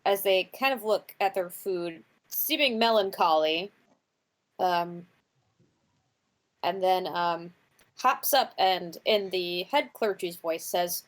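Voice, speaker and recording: A woman's voice: on the low side, slow pace. A woman playing a tabletop game, describing her character's actions hesitantly with many fillers. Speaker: player.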